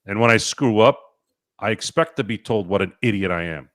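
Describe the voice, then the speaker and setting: A man's voice: fairly low pitch, expressive, brisk, a bit bright, no echo, clean studio sound. A man co-hosting a casual sports podcast, ranting bluntly and opinionatedly, with casual swearing. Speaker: podcast co-host.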